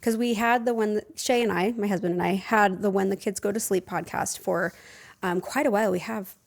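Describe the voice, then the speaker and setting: Woman in her thirties, podcast host and coach, earnest and reflective, mid-pitched, laughs easily. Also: fairly even intonation, fairly quick, creaky. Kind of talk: casual podcast chat.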